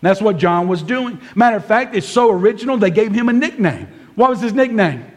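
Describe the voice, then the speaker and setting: A man preaching a sermon to a congregation, telling the story with animated delivery and acting out the characters. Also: sits high, a little fast. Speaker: pastor. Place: church service before a congregation.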